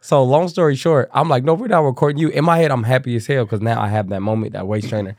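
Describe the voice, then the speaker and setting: A young man from Kansas City, a guest telling profane, animated stories and acting out the people in them. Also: mid-range voice, fast, no echo, studio quality. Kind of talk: casual storytelling.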